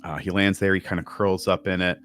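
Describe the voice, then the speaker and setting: Brief: male game master, deep voice, loose rambling narration, light music under it. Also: brisk. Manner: relaxed rambling narration with many fillers.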